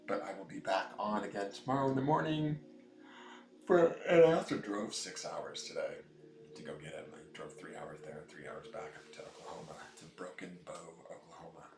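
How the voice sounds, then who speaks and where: A man's voice: a little fast, echoey room. Chatty man on a live stream. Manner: chatty, answers viewer comments by name; coos in a high baby voice to his new cat. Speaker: tarot reader hosting a live stream. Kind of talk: casual live-stream chat.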